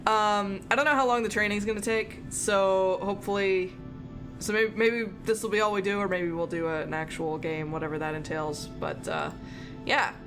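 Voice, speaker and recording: A woman's voice: mid-range voice, fairly even intonation, moderate pace. A woman hosting a live game stream, chatting casually and greeting viewers in chat with an upbeat manner. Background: game music.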